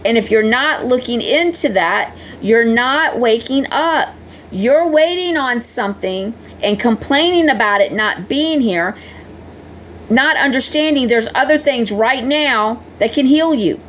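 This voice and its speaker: A woman's voice: on the high side, animated, measured pace, slight background noise. A woman vlogger talking casually and bluntly to her viewers, scolding them in a preachy way. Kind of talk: casual direct-to-camera talk.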